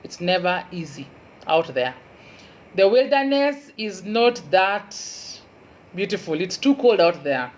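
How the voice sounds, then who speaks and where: This lowish-voiced woman, a university lecturer with a Kenyan Luo accent, gives an earnest motivational talk, her pitch swinging widely as she slowly repeats important advice for emphasis. Audio quality is poor.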